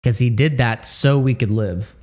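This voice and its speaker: A man hosting a livestream who talks in a halting, emotional way, full of restarts and fillers, choked up and close to tears. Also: medium pitch, a little mellow. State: tearful, choked up. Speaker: crypto livestream host. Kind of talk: casual livestream chat.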